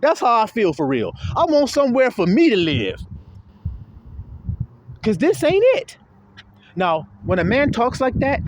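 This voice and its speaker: High, lively man preaching a loose sermon. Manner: profane, folksy, addresses listeners directly. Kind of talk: informal sermon.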